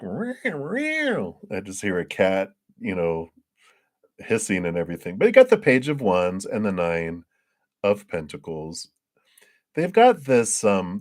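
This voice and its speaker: A deep-voiced man reads tarot cards for viewers on a live stream. He talks in a loose, chatty way and keeps musing aloud about what he feels. He laughs easily between his thoughts. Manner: chatty, laughs often, thinks aloud with "I just feel like". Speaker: tarot reader. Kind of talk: live-stream card reading.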